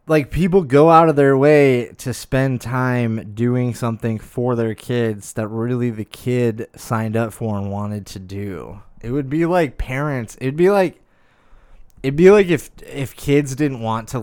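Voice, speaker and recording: Young male streamer, casual profane rant, mid-pitched, dry close-miked sound. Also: unhurried, darkish tone, dry recording. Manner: profane, exasperated ranting with constant fillers. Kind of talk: casual ranting monologue. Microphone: close desk mic.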